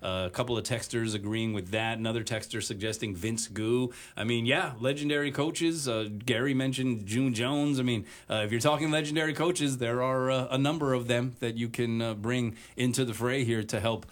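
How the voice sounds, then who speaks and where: A man hosting a sports talk radio show, chatting casually with many filler pauses. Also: mid-range voice, fairly even intonation.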